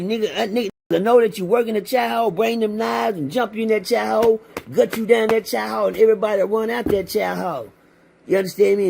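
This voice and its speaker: A man's voice: high-pitched, gravelly, darkish tone, husky. A man telling his prison stories in a blunt, profane, streetwise way, acting out the other men's lines as he goes. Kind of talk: profane storytelling in casual chat.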